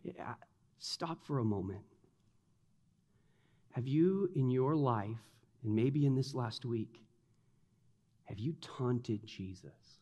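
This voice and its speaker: A man preaching a sermon, animated, acting out the taunts of the mockers in a mocking voice. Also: mid-range voice, slow pace, pauses often. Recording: long hall reverb.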